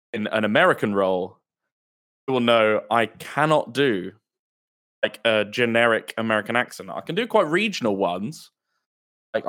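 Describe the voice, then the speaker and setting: A man with a slightly low voice talks casually as a podcast guest. He is relaxed and chatty, filling his sentences with "like" and "um" as he goes. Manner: laid-back, chatty, peppered with "like" and "um". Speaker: guest, tabletop role-play player. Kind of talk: casual chat.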